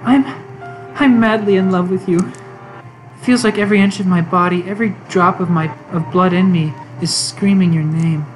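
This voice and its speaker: A woman voicing an obsessive, intense young woman, reading game dialogue in a slow, intimate, creepy tone. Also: lowish voice, steady tone, soft background music, lightly acted, low-quality recording.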